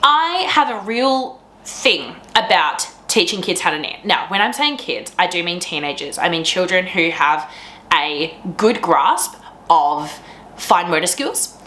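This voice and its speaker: Woman, podcast host, bright enthusiastic chatter, echoey room, some faint noise behind. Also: lowish voice, very animated, unhurried. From Australia. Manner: gushing, enthusiastic, laughs often. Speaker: teacher. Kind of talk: casual chat to camera.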